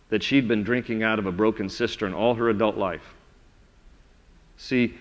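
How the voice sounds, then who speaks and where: A man preaching a sermon as pastor, telling the story in an animated way and acting out the voices. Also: on the low side. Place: large church sanctuary. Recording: reverberant church sanctuary.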